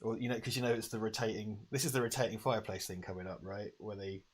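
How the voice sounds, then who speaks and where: A man's voice: on the low side, steady tone, fast, breathy edge. A man co-hosting a film watch party, joking, swearing and laughing as he chats. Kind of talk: casual watch-along banter.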